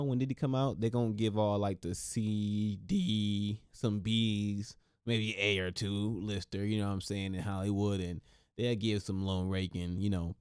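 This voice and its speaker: A low-pitched male podcast host talking in an easygoing, slangy way and repeating phrases for punch. His voice sits close to the microphone in a dry, unechoing space. He comes across as animated and joking. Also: smooth, dry recording. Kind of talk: casual commentary.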